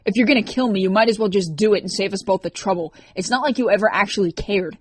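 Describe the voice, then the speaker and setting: A woman voicing a frightened, furious teenage girl in an audiobook, accusing and shrill. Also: fast, no echo, lightly acted.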